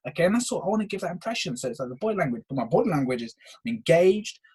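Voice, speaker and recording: Young host, husky voice, rapid and eager, keeps saying "okay". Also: male voice, a little high. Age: young adult. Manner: energetic, eager, peppers talk with "okay". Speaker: podcast host. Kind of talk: solo motivational podcast talk.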